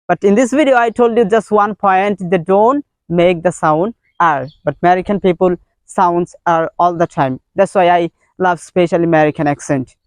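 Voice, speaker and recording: A man's voice: high voice, no room sound. Earnest man teaching English. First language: Bengali. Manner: earnest, repetitive, simple non-native English phrasing. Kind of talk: informal video lesson.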